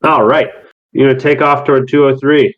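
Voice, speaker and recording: A man's voice: mid-range voice, flat delivery, fairly quick, vocal fry. A man narrating as game master, loose and chatty, with plenty of fillers, on slightly muffled audio.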